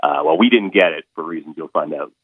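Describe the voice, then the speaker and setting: A man being interviewed as a guest performer, speaking haltingly with many fillers and restarts. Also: a bass voice. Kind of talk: casual interview over the phone. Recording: tinny phone line.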